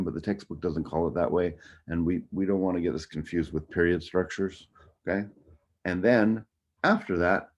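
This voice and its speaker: Deep low guy giving an online music theory lecture, chatty, dull lo-fi sound. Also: a little mellow. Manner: casual, hums and scats the melodies. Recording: dull lo-fi audio.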